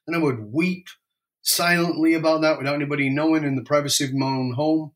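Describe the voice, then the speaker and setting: A man telling an emotional personal story, reflective and candid, speeding up and slowing down as he goes. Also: on the high side, fairly even intonation, a bit bright. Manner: emotional, reflective, varies pace widely.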